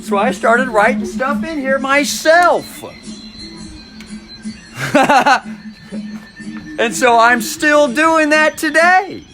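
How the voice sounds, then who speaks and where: A man's voice: very high voice, extremely slow, long pauses, music in the background. A man in his fifties, a navy veteran, talking to camera in a rambling monologue, musing, repeating his phrases and chuckling to himself.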